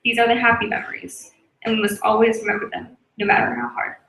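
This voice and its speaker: A woman reading a reflective prose poem aloud in an earnest, measured way. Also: fairly high pitch, fairly even intonation, creaky, background noise. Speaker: spoken word performer. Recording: echoey room.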